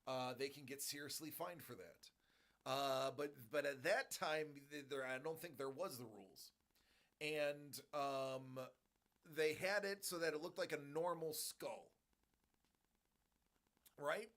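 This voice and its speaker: A man in his forties, a stream host, ranting in a rambling, animated way about a movie in casual chat. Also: a little high, slow pace.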